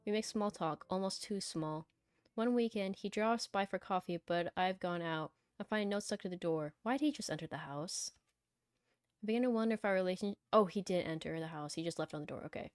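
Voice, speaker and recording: A woman streamer reading a visual novel aloud, cutting in with blunt, animated reactions between calm passages. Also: fairly low pitch, brisk, dry recording, clean studio sound.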